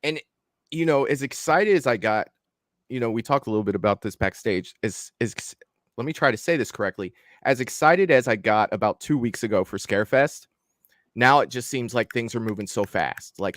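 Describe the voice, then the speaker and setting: A young man hosts a relaxed horror live stream, talking quickly in a rambling way and swearing often. His voice sits at a middle pitch. The sound is dry and close, with no room echo. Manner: excited, rambling, swears freely. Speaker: host. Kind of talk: casual live-stream chat.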